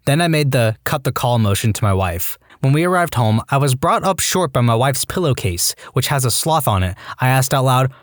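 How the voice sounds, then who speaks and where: A man narrates reddit stories with animated, swinging intonation and breaks off into exasperated asides. His voice sits at a middle pitch, and the recording is dry and close. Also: a little fast, no room sound. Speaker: story narrator.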